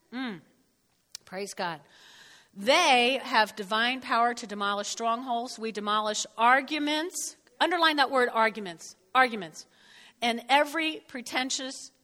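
High, bright-voiced woman pastor preaching. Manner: lively, joking, emphatic preaching. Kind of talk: sermon. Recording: long hall reverb.

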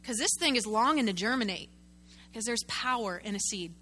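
An animated woman pastor delivering a sermon, her voice high and very bright. She keeps calling out to the congregation and drawing them in with questions. Her delivery is lively and direct. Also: fairly quick, slight background noise. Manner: animated, talks with the congregation, uses a prop.

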